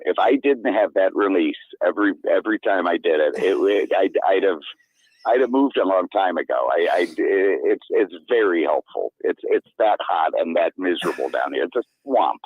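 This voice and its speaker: A man talking as a guest in casual chat, rambling and halting in a self-deprecating way. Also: low voice, expressive, slightly rough, dry recording. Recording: tinny, dry phone-like line.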